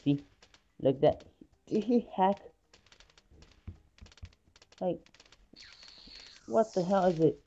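A woman chatting excitedly through live gameplay commentary, swinging between groans and gloating. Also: on the low side, drawn-out words, long pauses, lo-fi sound. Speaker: gaming channel host.

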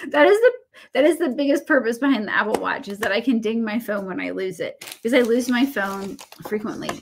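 A woman's voice: fairly high pitch, a little fast, vocal fry, slight background noise. A woman in her thirties with a Southern American accent, hosting a casual craft livestream and rambling through stories with lots of fillers and self-deprecating asides.

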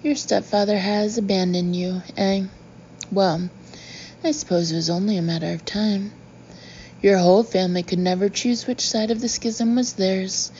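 A woman's voice: mid-range voice, steady tone, moderate pace, warm tone, highs cut off, slight background noise, close to an everyday voice. A woman voicing a scheming, sneering male villain in a storybook reading. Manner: sneering, mocking.

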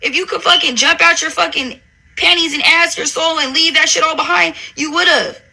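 A woman's voice: very high-pitched, fairly even intonation, normal speed, creaky, pushed and bright. A woman ranting angrily and profanely on a livestream, hurling insults at someone who wronged her. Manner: profane, confrontational, repeats "bitch" constantly. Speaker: reality TV personality on a livestream.

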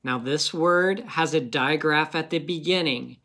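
A man's voice: fairly high pitch, measured pace, sharp tone. A man teaching a phonics lesson to young children in a patient, encouraging manner.

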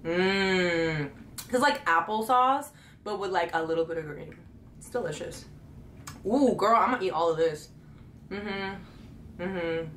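A woman's voice: on the low side, unhurried, long pauses, a bit bright. A young woman vlogger chatting casually and playfully while taste-testing food, often breaking into giggles. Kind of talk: casual chat. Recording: echoey room with faint hum.

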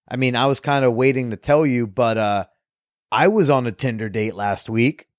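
Excitable young man hosting a podcast. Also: mid-range voice, no echo, studio quality. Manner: excitable, swears freely, frequent restarts. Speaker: podcast host. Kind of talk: casual chat.

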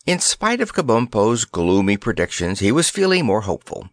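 A man narrating a children's fantasy audiobook in an expressive, storybook manner. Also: fairly low pitch, no room sound, clean studio sound. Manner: expressive, unhurried reading.

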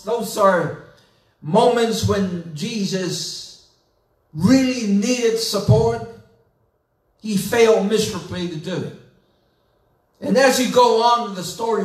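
A high-pitched man preaches with a slow, deliberate delivery, telling the story dramatically and rising into emphatic questions. He sounds set back from the microphone in an echoey church sanctuary. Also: far from the mic. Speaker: pastor. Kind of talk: sermon.

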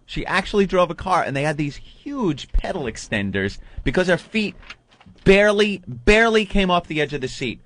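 Radio host guy, kinda high voice, telling stories and doing little impressions, studio mic. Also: a little fast, hardly any pauses. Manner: animated storyteller, mimics people mid-story. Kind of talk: casual radio banter.

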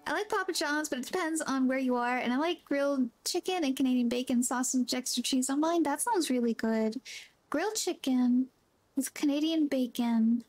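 A woman's voice: high voice, darkish tone, no echo. A woman streaming a video game, chatting casually with her viewers and greeting them by name. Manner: chatty, reads chat aloud, friendly greetings. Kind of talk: casual gameplay chat.

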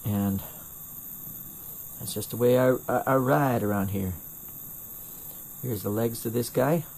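A middle-aged man with a North Carolina accent chats through a live glassblowing demo at a mid-range pitch. He rambles, restarts his sentences and makes fun of himself as he answers viewers. The sound comes from a first-person camera mic at his home torch bench. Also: slow pace, darkish tone, a little hiss or hum. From North Carolina, USA. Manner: rambling and self-deprecating, with frequent restarts. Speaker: glassblower streaming torch demos.

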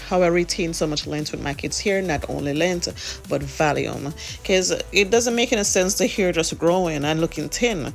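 While doing her kids' hair for a vlog, a Jamaican woman talks in a chatty, rambling way and tends to speak fast. Her voice is low-pitched and gravelly.

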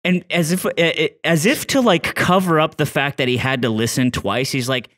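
A man's voice: a little high, moderate pace, fairly bright tone. A man co-hosting a podcast in casual chat, playful and joking. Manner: playful, jokes in put-on voices. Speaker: podcast co-host.

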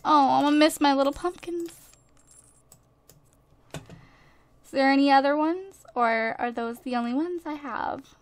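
Unhurried and high-pitched, with long pauses, a woman plays a life-simulation game for her YouTube viewers. She chats in a bubbly way, gushes and laughs often, giving casual let's-play commentary into a desk USB microphone.

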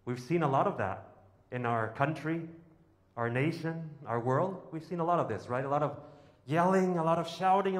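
Emphatic male priest in an echoey church. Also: on the high side. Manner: emphatic, with rhetorical questions and lists. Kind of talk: homily.

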